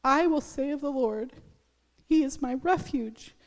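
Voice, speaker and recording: A woman pastor in her thirties giving a personal testimony in a church service, speaking haltingly with many restarts. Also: high voice, long reverb tail. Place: church sanctuary.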